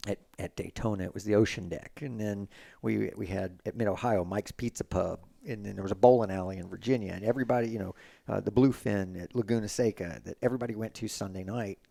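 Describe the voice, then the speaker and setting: A middle-aged man speaks in a low, gravelly voice with a lot of fry at the ends of his phrases. He tells racing stories in a loose, easygoing way, often restarting his sentences. It is a casual podcast conversation. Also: quick pace. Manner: relaxed storytelling with frequent restarts. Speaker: guest, retired road racing champion.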